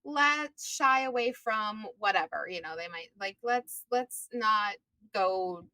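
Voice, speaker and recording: A woman's voice: medium pitch, animated, takes it slowly, sharp tone, dry recording, rough recording. A woman, a casting director hosting a podcast, chatting in an enthusiastic, chatty way. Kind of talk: casual podcast chat.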